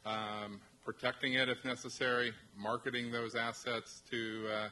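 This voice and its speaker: A man from a university technology transfer office presenting to faculty, halting, with many restarts and fillers. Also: medium pitch, little pitch movement, pushed and bright, a little hiss or hum, low-quality recording.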